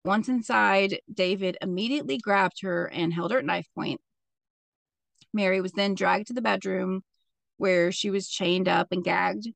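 A woman's voice: mid-range voice, gravelly, no echo. A woman co-hosting a podcast, telling a true crime story in casual chat with sarcastic, laughing asides.

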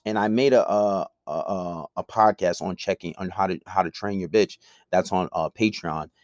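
A man's voice: deep voice, normal speed, no room sound, studio quality. A young man, ranting bluntly and profanely in a heated podcast monologue. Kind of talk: monologue to camera.

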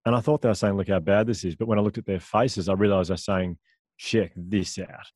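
A man, a guest author, telling lively stories full of quoted dialogue in a casual interview. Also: fairly low pitch, dry recording, clean studio sound. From Australia. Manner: animated storyteller, quick asides and quoted dialogue.

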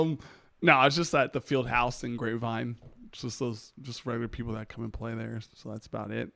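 Gravelly, upbeat male podcast guest. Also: medium pitch, steady tone, brisk, sharp tone. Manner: easygoing, upbeat, laughs often. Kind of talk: casual conversational interview.

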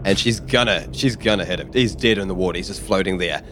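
A man narrating a tabletop game as game master, vivid and halting with restarts. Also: sits low, noisy background.

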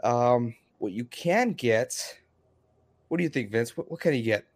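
Dude on a podcast getting all fired up, mid-pitch voice, talks a lot. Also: male voice, measured pace. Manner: animated, emphatic, chatty. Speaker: podcast co-host. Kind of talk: casual fantasy football chat.

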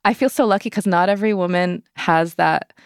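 A woman's voice: lowish voice, brisk, smooth, no echo, clean studio sound. A young adult woman telling her personal story as an interview guest, candid and conversational, full of fillers. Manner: conversational, many fillers, acts out quoted voices.

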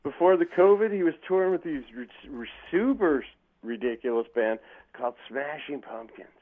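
A man's voice: a little high, moderate pace. Profane rambling storyteller, man, on a tinny line. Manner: profane, rambling, jokey, acts out quotes. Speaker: podcast guest. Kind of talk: casual storytelling chat.

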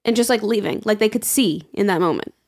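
This podcast co-host, a young woman, speaks briskly in a mid-range voice with vocal fry. Telling a story in casual conversation, she animatedly performs quoted people in raised voices and laughs a lot.

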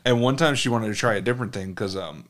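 On a laid-back chat podcast, this co-host spins lively, funny food stories packed with swearing and laughter. He talks quickly in a voice on the low side.

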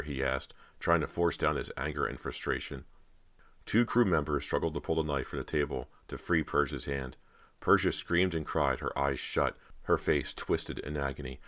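A male audiobook narrator with a very deep, low-pitched voice tells the story at an even pace. The recording is dry and close, with no room echo. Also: moderate pace.

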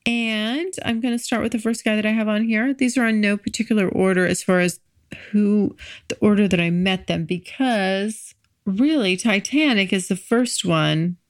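A woman's voice: medium pitch, normal speed, no echo, studio quality. A woman hosting her own podcast, talking frankly and chattily in a casual solo monologue, laughing easily. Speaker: podcast host.

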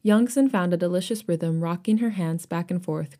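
Low mellow-voiced woman reading aloud. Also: moderate pace. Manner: reads aloud, breaking into laughter and asides. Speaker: podcast co-host reading fan fiction aloud. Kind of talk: casual reading and chat.

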